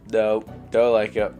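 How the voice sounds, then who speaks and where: A man's voice: on the low side, completely flat delivery, slow pace, mellow, soft background music. Sniffly, swearing man reacting to a game. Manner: emotional, swearing, sighing and groaning reactions. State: stuffy nose, sniffly. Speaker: gaming streamer. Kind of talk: let's play reading game lines aloud.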